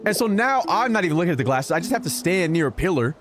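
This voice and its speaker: A man streaming a video game, telling stories in an animated, profane, casual way. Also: on the high side, quick pace. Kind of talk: casual storytelling while gaming. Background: game music.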